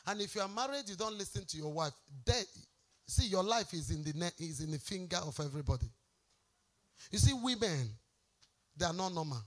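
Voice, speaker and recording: A woman's voice: on the low side, expressive, fairly quick. A woman pastor, preaching an emphatic, exhorting sermon.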